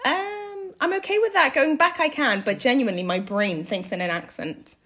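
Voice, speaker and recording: A woman's voice: high-pitched, a bit bright. Chatty, bubbly woman host. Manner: chatty, bubbly, quick to laugh. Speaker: podcast host. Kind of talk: casual chat.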